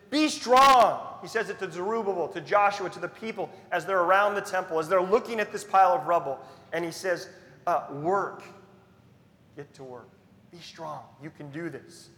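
A man's voice: high voice, fairly bright tone, reverberant, big-room sound. A man preaching a sermon as pastor, earnest and emphatic, stressing key phrases through repetition.

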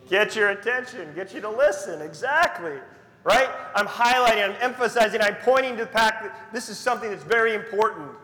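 Man preaching a sermon, kinda high-ish voice, earnest, leans hard on repeated lines, big echoey hall. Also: lively intonation, fairly quick, sharp tone. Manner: earnest, emphatic with repeated phrases. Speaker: pastor.

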